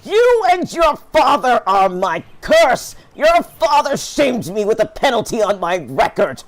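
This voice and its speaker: A streamer voicing a furious, vengeful older male prosecutor while reading a video game aloud, screaming threats in a high, strained voice. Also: very animated, a little slow. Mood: enraged screaming.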